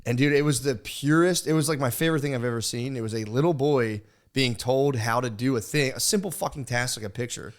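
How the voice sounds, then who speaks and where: Casting note: man in his thirties, podcast host, loose swearing storyteller who bursts into shouted impressions. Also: medium pitch, brisk, few pauses. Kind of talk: casual podcast chat.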